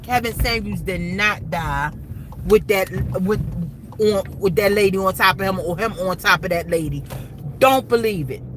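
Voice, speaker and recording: A woman's voice: mid-range voice, moderate pace, noisy background. A woman vlogger speaking urgently to her viewers, repeating herself and calling them guys. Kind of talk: emotional commentary to camera.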